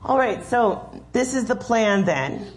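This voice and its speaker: A woman's voice: on the high side, expressive, takes it slowly, faint music behind. A woman leading a children's sermon in a church, patiently explaining and giving step-by-step instructions. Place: church sanctuary.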